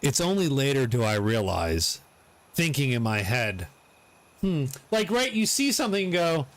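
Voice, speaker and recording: A middle-aged man giving live commentary on his gameplay, excitable, swearing and laughing often. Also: medium pitch, normal speed. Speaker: game streamer.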